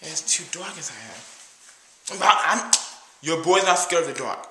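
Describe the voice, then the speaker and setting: A man's voice: on the high side, expressive, measured pace, bright, forceful tone, echoey room, slight background noise. A man playing a cheap, nervous date who brags about himself and keeps calling himself "your boy", in a comedy skit.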